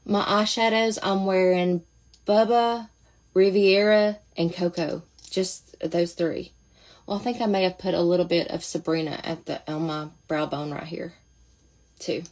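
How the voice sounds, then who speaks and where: A woman's voice: on the low side, fairly even intonation, a little slow, darkish tone. A woman talking casually through a makeup demonstration, chatty and thinking aloud as she goes. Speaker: makeup seller demonstrating products.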